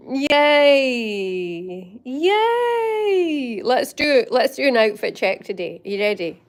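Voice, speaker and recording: A Scottish woman hosting a casual livestream, bubbly and laughing often as she chats to viewers by name. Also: on the high side. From Scotland. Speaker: livestream host. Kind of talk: casual live chat with viewers.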